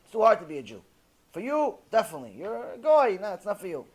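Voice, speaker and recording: A man's voice: high-pitched, very animated, fast, full character voice. A man voicing the dismissive spirit of a tormented male sorcerer. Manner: curt, dismissive.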